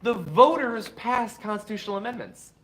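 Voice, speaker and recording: A man's voice: sits high, lively intonation, normal speed, a bit bright, slight background noise. A man hosting a political commentary show, reading viewer chats with wry asides, and saying he is tired.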